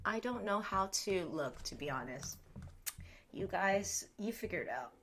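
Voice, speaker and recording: A woman's voice: mid-range voice, expressive, a little slow, fairly bright tone, a little hiss or hum. A young woman from Southern California chatting casually on a livestream, reacting to her chat, saying "like" a lot and laughing often. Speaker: livestream host.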